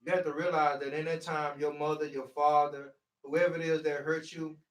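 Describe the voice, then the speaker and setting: A man's voice: fairly high pitch, little pitch movement, normal speed. A man giving a motivational talk on healing, preachy and emphatic, leaning on repeated "see" to press his points. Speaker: healing speaker. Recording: echoey room, voice far from mic.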